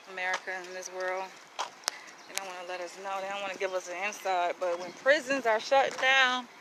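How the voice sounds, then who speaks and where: A woman talking to her viewers while walking outdoors, chatty and blunt, calling them y'all. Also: medium pitch. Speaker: vlogger. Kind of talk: casual walking vlog. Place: outdoors on a city walk. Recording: outdoor street noise.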